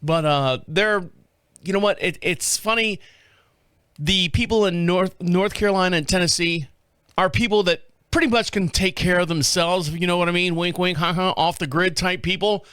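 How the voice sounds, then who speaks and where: A male podcast host rambles casually in a folksy, jokey way. His voice sits a touch high and sounds smooth and clear. It is close-miked in a dry studio. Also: normal speed, a bit bright, dry recording. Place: small radio studio. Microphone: studio microphone.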